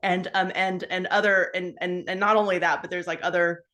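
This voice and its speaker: A woman in her fifties with a slightly low voice tells her own story in a loose, conversational way. She talks with lots of asides and fillers and brings her memories to life as she goes. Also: a little fast. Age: 50s. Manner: animated, acts out her own past dialogue; chatty, with many fillers and asides. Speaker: guest sharing a health story. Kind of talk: casual personal storytelling.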